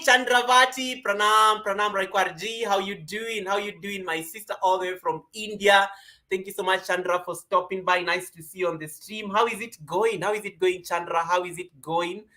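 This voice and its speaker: A man hosting a casual live stream from home, greeting viewers by name with lively energy. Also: a little high. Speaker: livestream host.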